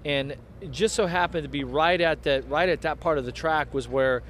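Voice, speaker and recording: A man's voice: fairly high pitch, moderate pace, fairly bright tone, a little hiss or hum. A middle-aged man, a former motocross racer, rambling through stories in a casual interview outdoors at a race track. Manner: rambling, storytelling.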